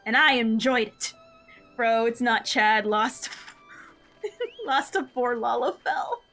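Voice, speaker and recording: A woman's voice: a little high, expressive, drawn-out words, long pauses, fairly bright tone, soft background music. A young woman streamer giving irreverent, joking commentary while playing a game. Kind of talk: casual live-stream commentary.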